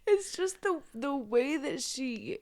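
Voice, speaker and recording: A young woman with a high voice chats casually as a podcast co-host. She tells stories with lots of energy, laughs often and swears freely. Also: animated, slow pace, vocal fry, a little mellow. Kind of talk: casual chat.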